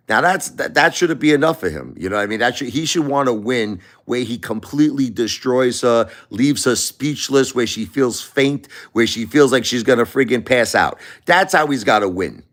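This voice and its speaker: A man's voice: medium pitch, lively intonation, normal speed, hardly any pauses, a bit bright. A middle-aged man hosting a livestream, talking bluntly and emphatically, often repeating himself. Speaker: livestream host. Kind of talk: casual opinion talk.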